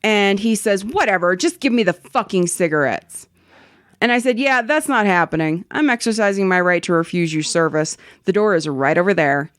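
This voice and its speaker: A woman's voice: medium pitch, animated, normal speed, dry recording, studio quality. A woman hosting a casual podcast, animatedly reading a listener's story aloud with swearing and laughter. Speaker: podcast host.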